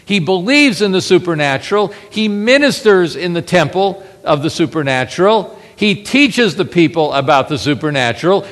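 Preacher guy, fairly high voice, big up and down swings, asks the crowd questions, echoey hall sound. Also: moderate pace, few pauses. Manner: animated storytelling, rhetorical questions to the congregation. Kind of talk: sermon.

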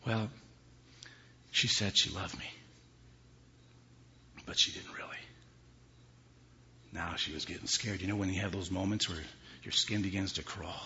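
A man preaching a sermon, swinging from hushed whispers to loud, high emphasis. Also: steady tone, unhurried, pauses often, a little hiss or hum. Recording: dull lo-fi recording with faint ambience.

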